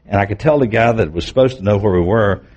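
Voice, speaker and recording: A preacher recounts his testimony in a sermon. His low voice is husky. He tells the story earnestly and vividly, with candid asides. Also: fast, darkish tone.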